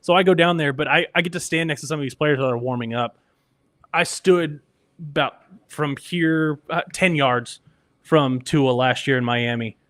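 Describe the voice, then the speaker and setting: A man who works as a radio engineer, a guest on a sports podcast, telling anecdotes in a lively way and acting out other people's lines. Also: fairly high pitch, moderate pace, no room sound, studio quality. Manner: animated anecdotes, acts out quoted voices. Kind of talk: casual storytelling.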